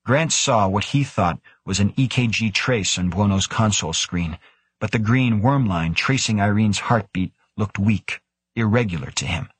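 A man narrating an audiobook in a steady, measured storytelling manner. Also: fairly low pitch, husky, no echo. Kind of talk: scripted narration.

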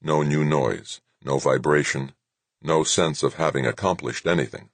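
Deep husky guy reading a novel aloud, dry, measured. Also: no echo. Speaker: narrator. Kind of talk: audiobook narration.

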